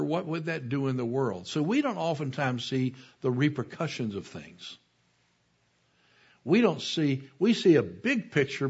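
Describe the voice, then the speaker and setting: A man's voice: mid-range voice, slightly rough. A man giving a conversational sermon, wandering off on side points and putting questions to his listeners. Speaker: preacher. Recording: dull lo-fi recording.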